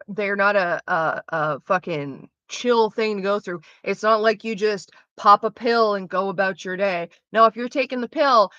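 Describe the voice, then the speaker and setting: Young woman, candid streamer chat, sharp bright tone, curses a lot; dry, slightly muffled close mic. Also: medium pitch, no room sound. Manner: blunt, profane and animated.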